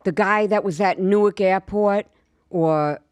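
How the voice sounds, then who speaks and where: A woman's voice: mid-range voice, unhurried, smooth, no echo. A woman from Long Island with a thick New York accent, hosting a podcast and telling stories in an emphatic, chatty way. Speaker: podcast host. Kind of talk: casual podcast chat. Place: podcast studio.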